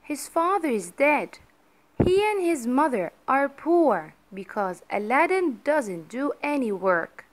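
A woman's voice: high voice, sing-song, slow, full character voice, rough recording. A woman voicing a chatty young girl who gossips in a slightly raised voice. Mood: gossipy.

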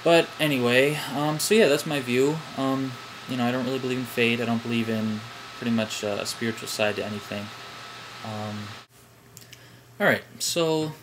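A young man with a Midwestern American accent, hesitant and full of ums as he chats casually to the camera at home. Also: mid-range voice. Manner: hesitant, lots of ums and "I don't know". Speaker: vlogger. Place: at home, in pajamas. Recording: air conditioner hum behind.

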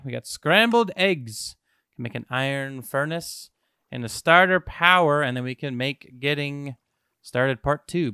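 A young man giving excitable, self-mocking let's-play commentary to his viewers as a gaming YouTuber. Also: mid-range voice, vocal fry, smooth, dry recording.

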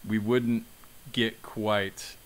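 A man's voice: fairly low pitch, level tone, drawn-out words. A man hosting a casual film podcast, summarizing in an easygoing way with many fillers. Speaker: podcast host.

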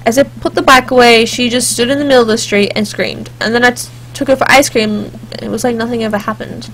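Reading a story game's text aloud, a woman let's play gamer keeps stopping for jokey, chatty asides and bits of singing. Her voice is on the high side and a bit bright, with fairly even intonation, a quick pace, and a little hiss or hum.

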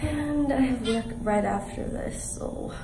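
A woman's voice: fairly high pitch, slow, very noisy. A woman vlogger chatting casually to the camera, filling her talk with "like" and "literally". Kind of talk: casual vlog chat to camera.

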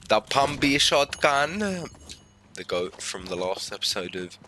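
A man's voice: lowish voice, lively intonation, measured pace, pushed and bright, slight background noise. A young man swearing and muttering as he gives casual commentary on his own gameplay. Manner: swearing, slangy, mutters under his breath. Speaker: gaming YouTuber.

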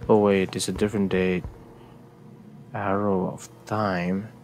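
A man's voice: low voice, little pitch movement, slow pace, a little mellow, a little hiss or hum. A young man giving let's play commentary, jittery and repeating words in nervous runs. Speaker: gameplay streamer.

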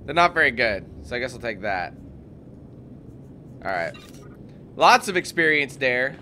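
A man's voice: medium pitch, very animated, unhurried, sharp tone, a little hiss or hum. A young man casually commentating a game, chatty and swearing when frustrated. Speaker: gameplay commentator. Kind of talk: casual let's play commentary.

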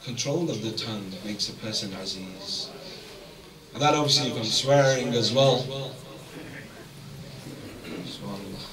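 A man from the UK giving a sermon as a guest speaker, telling stories that swing from hushed to impassioned. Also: lowish voice, measured pace, long pauses. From United Kingdom. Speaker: guest speaker at a religious gathering. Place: large hall with an audience. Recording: echoey hall, mic at a distance, crowd present.

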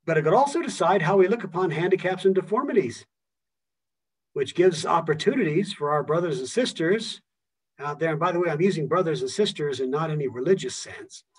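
A man's voice: fairly high pitch, expressive, brisk, slightly rough, far from the mic, poor audio. A man from Philadelphia giving a public museum lecture, emphatic and checking in with the audience often. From Philadelphia, United States. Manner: emphatic, keeps checking in with "okay?".

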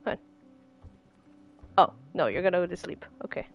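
A woman's voice: fairly low pitch, lively intonation, normal speed, vocal fry, dull audio, soft background music. A woman casually chatting and thinking aloud while playing a game. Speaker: game streamer. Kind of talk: casual let's play commentary.

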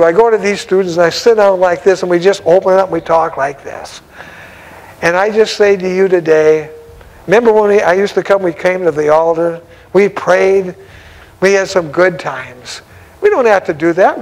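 An older man preaching a loose, conversational sermon, his voice pitched high and gravelly with fry. He bursts into exclamations of praise and chuckles between thoughts. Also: rough recording. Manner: exclamatory, breaks into laughs and shouts of praise. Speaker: evangelist preacher. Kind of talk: informal sermon.

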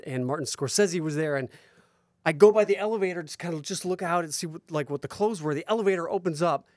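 A man, a guest actor, telling animated anecdotes in a casual interview. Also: on the high side, dry recording. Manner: animated, laughing storyteller. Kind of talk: casual storytelling.

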